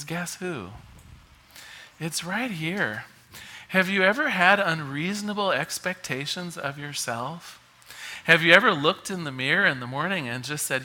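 A man's voice: on the high side, bright, forceful tone. A man giving an inspirational talk to a live audience, conversational and full of rhetorical questions. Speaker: speaker.

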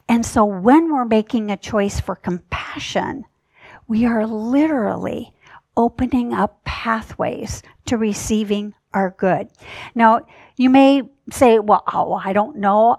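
Lady preaching slow n gentle, kinda high voice, dry sound. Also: no echo. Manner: gentle, measured, emphatic lists. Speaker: minister. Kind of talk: sermon.

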